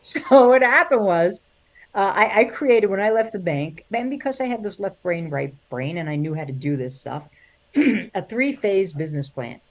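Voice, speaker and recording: A woman's voice: mid-range voice, animated, normal speed. A middle-aged woman, a singer and comedian, telling family stories in an interview, acting out relatives' voices and laughing often. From New York. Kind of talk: animated storytelling interview.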